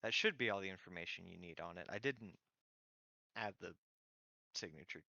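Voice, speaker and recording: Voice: low voice, normal speed, creaky, bright, forceful tone, dry recording. Game master on a dull lo-fi mic. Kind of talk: casual chat.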